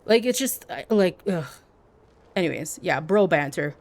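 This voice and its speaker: A woman livestreamer telling stories in casual chat, animated and peppered with "like". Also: fairly low pitch, measured pace. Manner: animated, heavy use of "like".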